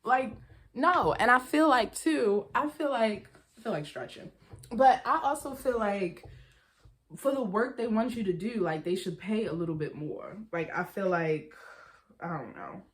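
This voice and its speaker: A young woman vlogger chatting casually through a storytime, acting out what people said to her in quick quoted voices. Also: medium pitch.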